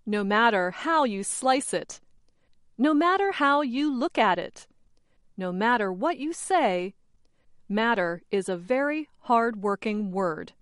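A woman hosting an English-learning program, reading a scripted lesson slowly and with careful, clear enunciation. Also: a little high, lively intonation, no room sound, studio quality. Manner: measured, carefully enunciated delivery. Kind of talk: slow, clearly scripted teaching narration.

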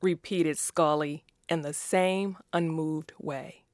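A woman reading a story aloud in a slow, even, careful way. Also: sits low, no room sound. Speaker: narrator.

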